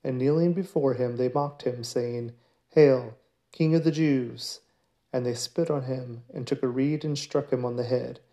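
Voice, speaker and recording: A man giving a daily scripture reading in a measured, steady way. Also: mid-range voice. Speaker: scripture reader.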